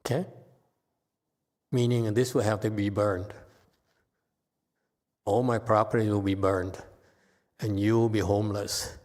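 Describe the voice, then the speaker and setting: Slow-speaking man giving a dharma talk. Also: on the low side, flat delivery, a little mellow, big-room sound. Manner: unhurried, with frequent "okay?" checks. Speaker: meditation teacher. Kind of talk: dharma talk answering questions.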